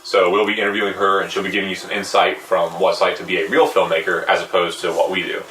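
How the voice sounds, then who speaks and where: A man hosting a casual podcast, talking in a lively way and laughing often. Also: low-pitched, fast, distant mic. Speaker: podcast host. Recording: roomy echo, off-mic, faint noise.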